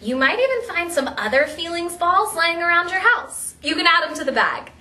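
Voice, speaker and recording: Animated high-voiced woman teaching kids. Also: very noisy. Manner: playful, animated, drawn-out delivery. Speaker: teaching artist. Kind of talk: children's drama workshop. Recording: echoey room, mic at a distance.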